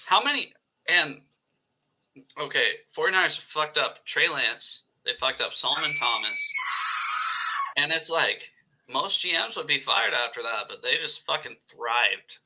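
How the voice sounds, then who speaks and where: A man's voice: a little high, lively intonation, measured pace, background noise. A man co-hosting a casual football livestream who talks bluntly, swears often and laughs through his points. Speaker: co-host, Seahawks fan. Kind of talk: casual sports debate.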